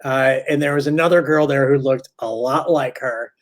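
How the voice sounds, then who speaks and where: A male stand-up comedian from St. Louis spins a long anecdote in a loose, rambling podcast chat. He backtracks and corrects himself mid-sentence, then jumps into the voices of the people in the story. His pitch sits in the middle of the usual male range. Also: moderate pace. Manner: rambling, self-correcting, acts out quoted voices.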